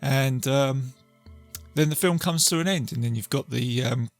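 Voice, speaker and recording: A man's voice: medium pitch, unhurried, no room sound, faint music behind. A man hosting a podcast, casually retelling a film plot in a rambling way with fillers and restarts. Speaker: podcast host.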